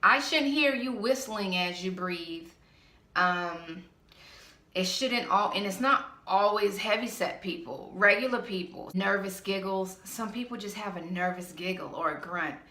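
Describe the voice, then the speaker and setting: A woman with a bright, slightly nasal voice rants bluntly and with sass. The sound carries a noticeable echo of a bare room around her. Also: mid-range voice, measured pace. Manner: blunt, exasperated, sassy. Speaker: vlogger. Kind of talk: ranting vlog.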